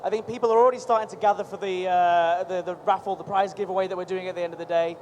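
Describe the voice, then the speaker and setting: A man hosting a live stream from a busy convention booth, chatty and energetic, rambling with quick restarts. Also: sits high, highs cut off. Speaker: livestream host at a game convention booth. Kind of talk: upbeat live event hosting. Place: busy convention show floor. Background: faint crowd noise.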